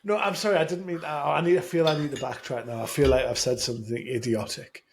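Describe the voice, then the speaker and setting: A man co-hosting a casual podcast chat, rambling and self-deprecating with halting restarts. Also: fairly high pitch, steady tone, gravelly, a little hiss or hum. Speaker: podcast co-host.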